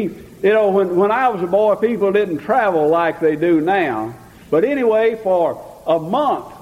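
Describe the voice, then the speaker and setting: Older man preaching, high voice, folksy stories, muffled lo-fi sound with long hall echo. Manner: homespun storytelling, rising to fervent preaching. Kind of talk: folksy sermon with anecdotes.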